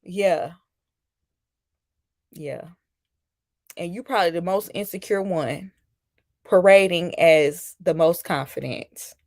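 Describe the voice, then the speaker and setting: A woman's voice: on the low side, unhurried, no echo. Woman, live-stream host, casual, chatty, dry recording. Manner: chatty, reacts to viewer comments, mimics people mockingly.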